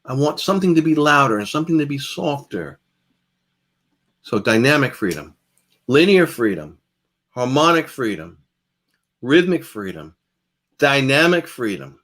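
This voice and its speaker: A man with a mid-range voice gives a laid-back guitar master class at normal speed, leaving long pauses. He echoes phrases for emphasis and alternates between loud and soft.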